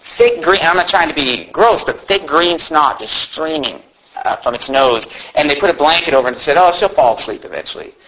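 A man's voice: fairly high pitch, animated, moderate pace, bright, forceful tone, shouting, slight background noise. A man preaching a sermon, telling a story in an earnest, conversational way, often restarting and adding asides. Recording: muffled lo-fi recording.

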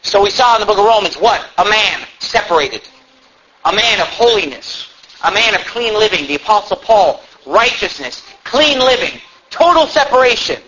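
High, lively fervent male preacher. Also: moderate pace, muffled recording, slight background noise. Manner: impassioned, swings from loud cries to low emphatic asides. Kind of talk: fervent sermon.

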